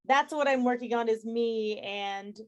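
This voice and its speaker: A young woman chats casually as a podcast guest, her voice sitting fairly high. She tells anecdotes with energy and slips into the voices of the people she quotes. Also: a little slow, highs cut off. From San Antonio, Texas. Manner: animated storyteller, acts out quoted dialogue. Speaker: guest chef. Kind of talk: casual interview chat.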